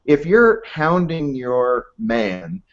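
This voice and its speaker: A man's voice: on the high side, very animated. A middle-aged man giving an interview, telling stories earnestly and building his points with emphasis. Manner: earnest, storytelling, emphatic with pauses. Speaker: author and ministry head, interview guest. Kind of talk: conversational interview. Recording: dull lo-fi audio.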